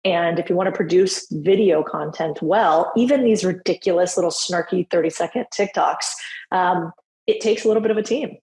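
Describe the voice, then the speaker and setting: Woman guest, lower register, candid and quick to laugh, echoey room. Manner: candid, laughs easily, lively quoting. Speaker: podcast guest. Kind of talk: casual interview talk.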